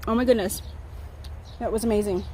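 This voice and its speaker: A woman giving a casual garden tour vlog outdoors, chatty and excitable, laughing often as she talks into a handheld phone. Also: mid-range voice, fairly quick, a little hiss or hum. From Southern California. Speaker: garden vlogger.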